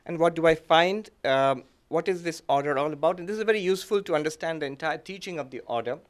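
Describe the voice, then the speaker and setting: Monk guy giving a talk, gentle, lots of ums and little laughs, voice sits a bit high. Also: fast talker. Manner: gentle, with frequent fillers and soft laughs. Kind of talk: reflective lecture with personal story.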